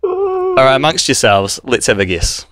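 A man hosting a casual radio show chat, guiding a guessing game in a relaxed way. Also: medium pitch, moderate pace, very noisy. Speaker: host.

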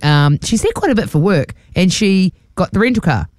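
A woman with a New Zealand accent, co-hosting breakfast radio, telling a story in a chatty, animated way full of quoted asides. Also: lowish voice, normal speed, no room sound. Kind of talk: casual on-air storytelling. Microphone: studio microphone.

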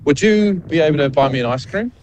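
A man's voice: on the high side, lively intonation, fast, crowd noise. A man with a New Zealand accent, a radio co-host calling in from the street, nervous and giggly in a live radio bit.

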